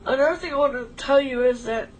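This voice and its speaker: A woman with a slightly high voice chats casually on a stream, heartfelt and a little rambling. She sounds emotional and grateful, with faint background noise under her voice. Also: fast talker, rough recording. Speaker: livestream co-host.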